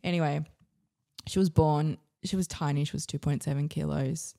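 Low-voiced Australian woman telling her story. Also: fairly even intonation, normal speed, mellow. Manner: frank, rambling, swears freely, many "like" fillers. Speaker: podcast guest. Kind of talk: candid personal storytelling.

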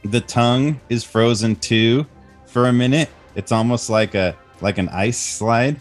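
A man leads a tabletop game in an easygoing, chatty narration full of little fillers. His voice sits at an ordinary middle pitch, with faint music playing in the background. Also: a little slow. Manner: casual, friendly, filler-laden narration. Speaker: game master.

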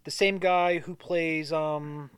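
Dude on a movie podcast, kinda high voice, swears a lot, dry mic. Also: male voice, slow pace, smooth, dry recording. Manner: profane, animated retelling of scenes. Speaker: podcast co-host. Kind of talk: casual movie chat.

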